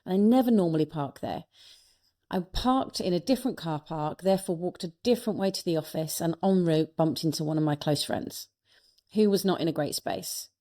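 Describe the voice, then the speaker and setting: A woman's voice: fairly low pitch, a little fast, mellow. A woman, a speaker and coach, telling personal stories in an earnest, reflective way as an interview guest. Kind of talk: reflective conversational storytelling.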